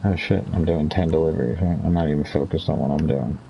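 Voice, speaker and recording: A man in his fifties with a very low, gravelly voice, rambling on in a loose, chatty way while he plays. He laughs often and drifts between stories. The sound is dull and lo-fi, with a faint hiss underneath. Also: fairly even intonation, fast. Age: 50s. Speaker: gaming streamer. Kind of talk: casual chat over gameplay.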